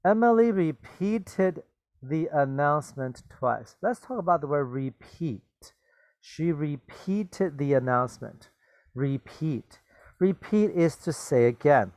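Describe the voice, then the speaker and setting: A man reads a children's story aloud and stops to explain its words. He talks very slowly and patiently, checking in with his listeners. The recording is close and dry. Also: on the high side, animated, a little mellow, no echo. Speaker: teacher.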